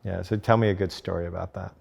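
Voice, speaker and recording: Male podcast host, very low voice, short relaxed prompts and questions. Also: fast talker, creaky, breathy edge. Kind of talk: casual interview questions.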